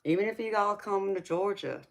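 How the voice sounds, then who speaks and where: A woman's voice: medium pitch, moderate pace, creaky. A woman with a Southern US accent, a tarot reader hosting a casual livestream chat, teasing viewers and calling them baby.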